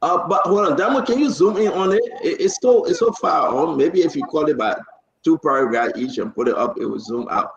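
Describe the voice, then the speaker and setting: Emphatic host, echoey lo-fi sound. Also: male voice, on the high side, lively intonation, fairly quick, creaky. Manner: emphatic, insistent. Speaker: talk show host. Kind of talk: political talk-show discussion. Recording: echoey, dull lo-fi stream audio.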